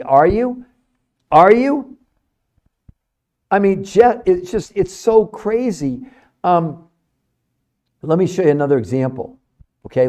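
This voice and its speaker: With a fairly high, mellow voice, a middle-aged man hosts a livestream as a nutrition researcher. He talks emphatically to chat viewers like a salesman, repeating himself for effect.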